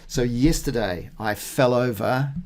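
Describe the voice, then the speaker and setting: A man working through his Spanish practice notes out loud, thinking aloud with many fillers and restarts, and reading phrases slowly and deliberately. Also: medium pitch. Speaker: Spanish learner. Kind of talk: casual self-recorded practice talk.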